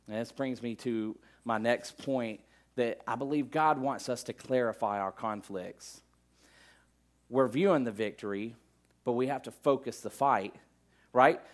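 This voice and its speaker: A middle-aged man preaching a sermon in a relaxed, conversational manner, with plenty of asides and filler words. His voice sits at an ordinary, mid-range pitch for a man. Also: unhurried. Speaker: pastor.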